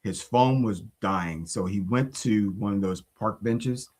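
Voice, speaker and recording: A man co-hosting a faith podcast who tells stories in an animated, indignant way. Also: fairly low pitch, a little slow. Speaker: podcast co-host. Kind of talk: casual storytelling chat.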